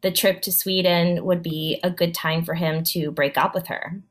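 A woman casually chatting about a film, calmly offering her theories. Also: lowish voice, normal speed. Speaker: podcast co-host.

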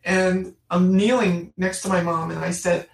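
A woman's voice: fairly low pitch, level tone, unhurried, gravelly. A middle-aged woman telling her personal story in an interview, earnest and emphatic, repeating phrases for stress. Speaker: guest. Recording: roomy, distant mic.

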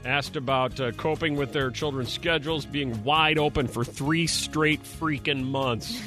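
A man's voice: a little high, pushed and bright, faint music behind. A man hosting a morning radio show, bantering playfully with co-hosts and callers. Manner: playful, quick with jokes.

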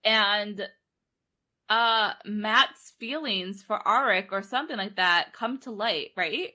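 A woman's voice: mid-range voice, slow, pushed and bright. A young woman casually recapping a book on a podcast, rambling, laughing and acting out characters' lines. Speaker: podcast co-host. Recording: online call recording.

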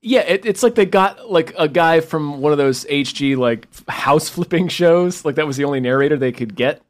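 A man's voice: fairly high pitch, normal speed. A man co-hosting a podcast in casual chat, making joking, sarcastic asides. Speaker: podcast co-host.

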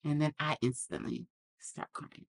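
Low-voiced woman telling a personal story. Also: fairly even intonation, a little slow. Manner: earnest, reflective, acts out quoted lines. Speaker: podcast guest.

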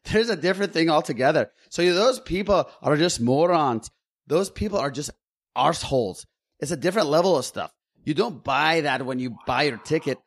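A man's voice: fairly high pitch, animated, moderate pace, pitched above the performer's own voice. A man doing an exaggerated put-on Scottish accent while reading out a statement. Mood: indignant.

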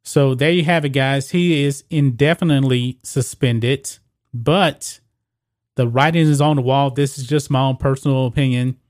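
A man's voice: medium pitch, fairly even intonation, moderate pace, dry recording, clean studio sound. A man hosting his own sports opinion channel, talking casually to viewers and reading news reports aloud with stumbles. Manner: reads news quotes aloud with stumbles and restarts. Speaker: sports commentary host.

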